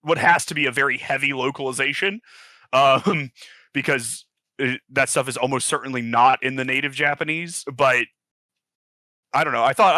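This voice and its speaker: A man's voice: mid-range voice, bright, forceful tone, dry recording. A man co-hosting a podcast in casual group chat, reasoning through his views with lots of fillers. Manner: thoughtful, analytical, filler-heavy. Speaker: podcast co-host.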